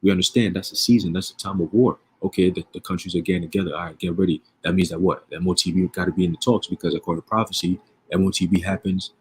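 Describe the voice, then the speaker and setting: A man's voice: low-pitched, steady tone, racing, husky. A man giving casual, profane religious commentary, streetwise and emphatic, with frequent rhetorical questions. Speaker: online preacher.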